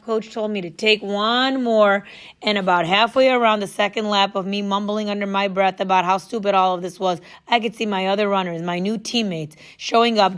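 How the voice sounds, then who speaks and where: A woman reading a first-person story aloud in a casual, lively storytelling manner. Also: mid-range voice. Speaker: audiobook narrator.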